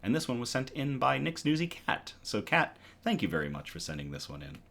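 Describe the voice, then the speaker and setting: A man's voice: medium pitch, sing-song, fairly quick, vocal fry, a bit bright. A man hosting a casual online news show, reading articles aloud in a conversational way with frequent ums and self-corrections.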